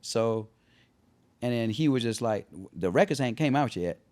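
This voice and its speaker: A middle-aged man at a mid pitch recounts stories in a loose, conversational interview. He is an animated storyteller with a habit of imitating the people he talks about. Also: normal speed. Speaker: R&B singer guest.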